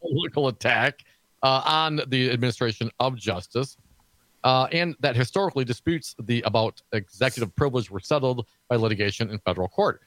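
A man's voice: mid-range voice, a little fast, fairly bright tone, dry recording, poor audio. A man co-hosting a political talk show, reading news items aloud with sarcastic asides. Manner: sarcastic asides between read quotes. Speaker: co-host.

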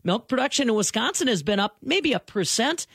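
A woman's voice: a little high, big pitch swings, a little fast, fairly bright tone, husky, dry recording, clean studio sound. A woman hosting a farm radio show, interviewing a guest in a friendly, conversational way.

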